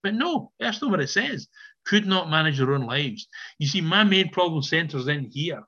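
A man's voice: on the high side, lively intonation, normal speed, pushed and bright, slightly rough, muffled recording. An older man giving an earnest, emphatic personal testimony to a recovery meeting, sometimes repeating his words, over a video call.

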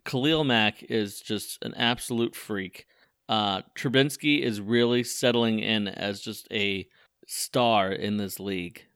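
A young man co-hosting a casual sports podcast, animated and quick to laugh, tripping over his words when he gets excited. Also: lowish voice, smooth, no room sound, studio quality. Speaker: podcast co-host.

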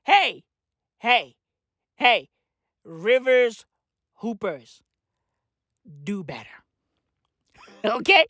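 A woman's voice: on the high side, very animated, extremely slow, long pauses, a bit bright, no room sound, studio quality. A woman giving a mocking, profane sports rant, laughing often and repeating herself in exasperation. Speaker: sports commentator.

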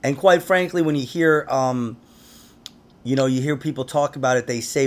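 A man's voice: mid-range voice, fairly even intonation, moderate pace. A man hosting a conspiracy podcast, chatting casually in a rambling way and laughing often. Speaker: podcast host.

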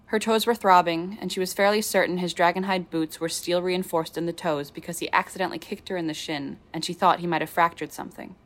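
A woman reading a novel aloud in steady storytelling narration. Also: lowish voice. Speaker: audiobook reader. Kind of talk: scripted narration of a fan novel.

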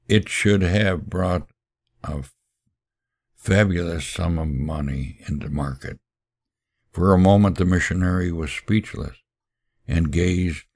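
Very deep gravelly male preacher. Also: a little mellow. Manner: solemn, measured preaching. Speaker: podcast host and preacher. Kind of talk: sermon storytelling.

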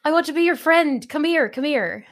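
A woman's voice: high voice, expressive, normal speed, pitched above the performer's own voice. A woman putting on an Irish accent to play a friendly male gamer who greets strangers as buddy. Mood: coaxing. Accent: put-on Irish.

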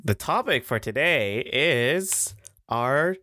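A man talks casually on a podcast, winding through his stories with frequent laughs. His voice sits at a middling pitch. It sounds close and dry, with almost no room around it. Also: sing-song, slow, fairly bright tone, no room sound. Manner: rambling, laughing storyteller. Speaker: podcast co-host. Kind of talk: casual chat.

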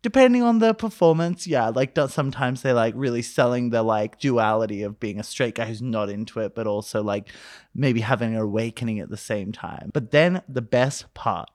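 Medium-pitched and moderately paced, this podcast co-host tells a story in a casual chat. He brings it to life by acting out the quotes, laughing frequently.

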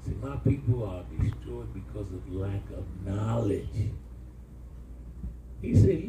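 A middle-aged man pastor, preaching an animated sermon with call-and-response to his congregation. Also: on the low side, slow, pauses often, far from the mic, background noise. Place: church hall. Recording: echoey church room, mic from afar, congregation.

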